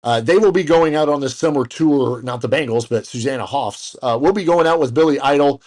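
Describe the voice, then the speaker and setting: A man's voice: mid-range voice, fairly quick, a little mellow. Male podcast co-host, casual and rambling, mid-range voice, plenty of fillers and side jokes. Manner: rambling, lots of fillers and restarts, jokey asides. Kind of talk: casual chat.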